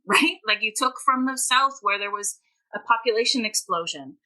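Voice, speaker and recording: Bright-voiced animated woman telling stories. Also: medium pitch, moderate pace, rough recording. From Canada. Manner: animated storyteller, laughs often, acts out quoted voices. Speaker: guest author. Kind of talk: podcast interview.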